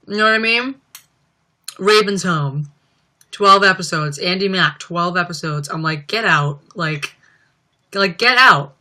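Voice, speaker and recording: Bright-voiced chatty young woman streamer. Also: on the low side. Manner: chatty, rambling, many "um" and "like" fillers. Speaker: livestream host. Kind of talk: casual livestream chat, reading viewer comments.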